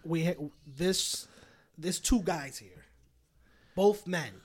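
A man's voice: fairly high pitch, takes it slowly, crowd noise. A young adult man co-hosting a podcast, talking in an earnest, laid-back way full of slang. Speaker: podcast co-host. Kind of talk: casual podcast chat.

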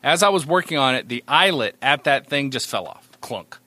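A man from New Hampshire, a podcast co-host, telling a story in a casual, animated and self-mocking way. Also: mid-range voice, normal speed, no echo.

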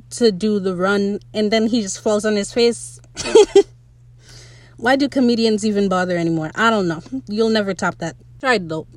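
A young woman hosting a casual solo podcast, chatty and excitable as she recaps a show. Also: mid-range voice, dry recording. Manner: chatty, excitable, quotes characters in playful voices. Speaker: podcast host.

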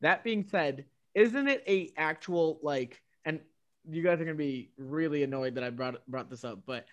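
A man's voice: on the high side, moderate pace. A man co-hosting a podcast, rambling and playful in casual chat, defending himself with a laugh. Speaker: podcast co-host.

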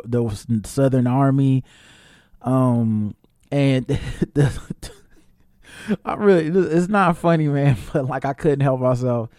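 A man's voice: medium pitch, mellow, no room sound, clean studio sound. A man hosting a podcast, talking casually and candidly in a rambling way, with lots of fillers, restarts and some swearing. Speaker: podcast host reviewing a film. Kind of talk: casual solo podcast chat.

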